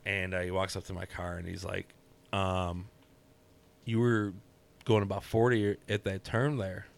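A man telling a story in casual chat, profane and animated, often laughing. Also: low voice, a little slow, gravelly.

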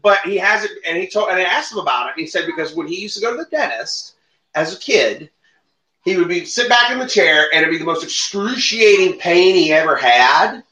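A man co-hosting a casual livestream, telling long, wandering stories peppered with swearing. His voice is bright and sits a little high. The room around him is echoey. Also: expressive, fairly quick. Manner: swears freely, rambling storyteller. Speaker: co-host.

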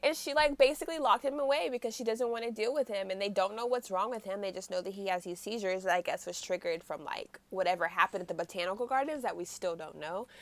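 A woman co-hosting a casual podcast. She recaps a drama in an animated storytelling way and uses "like" constantly. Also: mid-range voice, quick pace, few pauses, dry recording. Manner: animated storyteller, heavy use of 'like'. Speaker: podcast co-host.

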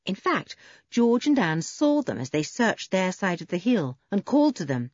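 A woman reading a children's storybook aloud in an expressive, animated way. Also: mid-range voice, normal speed, no room sound, muffled recording. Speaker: audiobook narrator. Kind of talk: storybook narration.

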